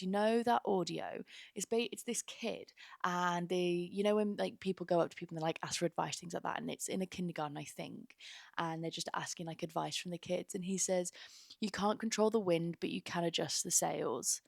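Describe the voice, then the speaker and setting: A woman's voice: lowish voice, vocal fry, no room sound, studio quality. A young woman hosting her own podcast, talking earnestly and rambling with lots of fillers. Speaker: podcast host. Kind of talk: casual heartfelt podcast monologue.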